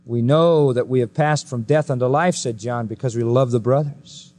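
A man preaches a sermon at a moderate pace in a mellow voice. He's emphatic and full of rhetorical questions, often swinging his pitch up high before dropping it low.

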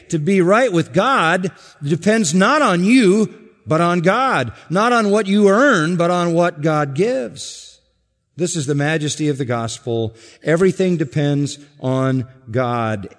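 A man with a slightly raised pitch preaches an expository sermon, repeating key phrases and rising to loud emphasis before dropping to a hushed tone. His voice rings out with a long hall reverb, as in a church sanctuary. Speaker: pastor.

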